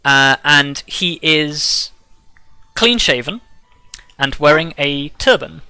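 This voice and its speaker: A man narrating as dungeon master, halting often with fillers. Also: a little high, animated, pushed and bright, clean tone, dry recording. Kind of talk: narrating a tabletop game.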